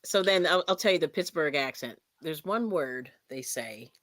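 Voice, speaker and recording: A woman from Pennsylvania hosts a casual chat on her channel. Her voice sits a little low but swings widely in pitch, and she laughs often. The sound is dry and close. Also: normal speed, no room sound. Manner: chatty, laughs often, animated. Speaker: channel host.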